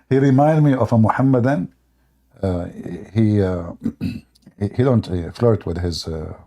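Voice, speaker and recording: Husky, mellow-voiced man telling a story. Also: deep voice. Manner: animated, laughs often, acts out quotes. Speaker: livestream host. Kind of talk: casual storytelling on a livestream.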